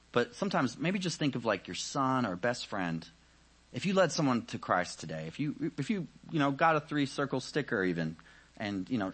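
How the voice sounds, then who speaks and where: A man with a lowish, husky voice preaches a sermon conversationally, often saying "you know." His energy rises and then drops into quiet, searching questions.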